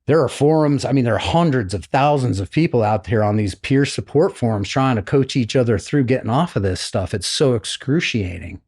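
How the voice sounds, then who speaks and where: A middle-aged American man recounts his experience in a relaxed, conversational way. His voice is mid-pitched, and he slips into the voices of the people he quotes, bringing them to life as he goes. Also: a little fast, few pauses. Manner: animated storyteller, acts out quoted voices. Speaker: podcast guest, retired naval flight officer. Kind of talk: casual storytelling interview.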